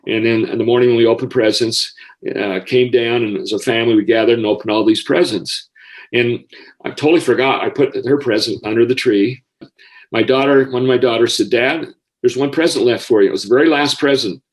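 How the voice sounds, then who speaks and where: A man's voice: medium pitch, a little fast, rough recording. Older american guy, ex school counselor, telling a touching story, gets choked up easy. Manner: heartfelt, gets emotional easily. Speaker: guest, former school counselor. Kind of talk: personal storytelling.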